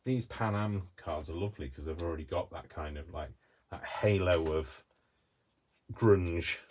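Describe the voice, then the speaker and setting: A man's voice: sits low, unhurried, darkish tone, slight background noise. A man with a Coventry accent giving a casual crafting demonstration, chatty and rambling, talking to himself as he works at his desk. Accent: Coventry English. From Coventry, England. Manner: chatty, rambling, talks to himself while working. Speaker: craft tutorial host.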